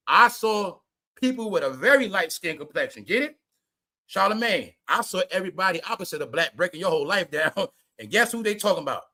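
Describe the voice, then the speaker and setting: Man, high voice, celebrity gossip commentary, loud, laughing, swearing. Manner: loud and animated, laughing, repeats names, swears. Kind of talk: casual comedic commentary.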